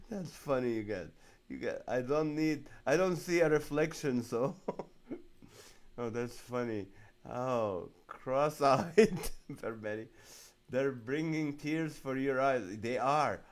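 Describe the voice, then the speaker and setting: A man's voice: medium pitch, lively intonation, takes it slowly. A male comedian hosting a casual live stream, reading viewer comments aloud and laughing often. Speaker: comedian host of a live show.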